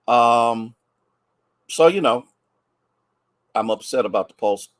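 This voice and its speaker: Chatty pastor greeting viewers by name. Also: male voice, mid-range voice, animated, slow pace, no echo. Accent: American. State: congested from sneezing. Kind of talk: livestream greeting to online viewers.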